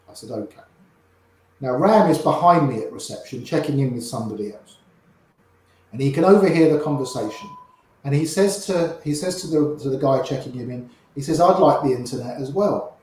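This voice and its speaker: A middle-aged man spins casual, wry stories as an interview guest, his voice sitting a little high. He loops back and repeats phrases as he goes. The room around him rings with strong echo. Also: animated, moderate pace, a little mellow. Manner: chatty, wry, repeats himself while telling stories. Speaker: interview guest, poker player. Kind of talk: casual anecdotal storytelling.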